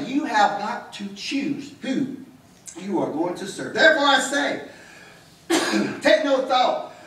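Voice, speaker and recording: A man, a pastor preaching a sermon in a church, telling homespun stories and often clearing his throat. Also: extremely high pitch, big pitch swings, slow, pauses often, fairly bright tone. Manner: folksy storytelling, frequent throat clearing. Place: church sanctuary. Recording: very echoey room, voice from a distance.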